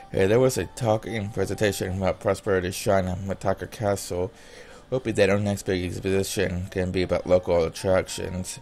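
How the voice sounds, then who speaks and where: A man's voice: low voice, little pitch movement, brisk, darkish tone, soft background music. A man reading a visual novel's dialogue aloud in his own plain voice, breaking off now and then for casual comments. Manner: reads all the character lines in a plain voice, breaking off for casual comments.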